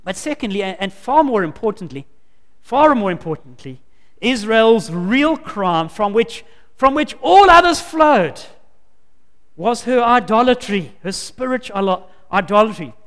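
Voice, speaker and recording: A man's voice: sits high, very animated, measured pace, a bit bright. A man preaching a sermon, telling a story with lots of repeated words. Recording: long hall reverb.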